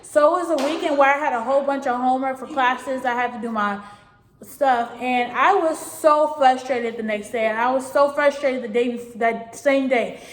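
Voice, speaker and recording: A woman's voice: high voice, moderate pace. A teenage girl giving casual, rambling advice to her viewers, repeating her points earnestly. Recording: echoey room.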